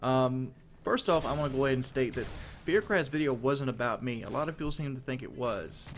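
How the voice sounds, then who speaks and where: A man's voice: medium pitch, fairly quick, a little hiss or hum. A man giving a casual monologue as a gaming commentator, frank and rambling, with casual swearing.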